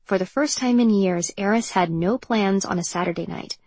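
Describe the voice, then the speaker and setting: Husky woman reading a novel. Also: medium pitch, moderate pace, a little mellow, no echo. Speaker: audiobook narrator. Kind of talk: scripted narration.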